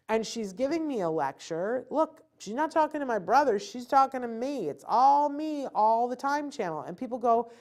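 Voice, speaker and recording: Animated woman giving parenting advice. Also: a little high, normal speed, few pauses. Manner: animated, acts out a child's thoughts and parental lectures. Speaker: host. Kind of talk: live webcast talk giving parenting advice.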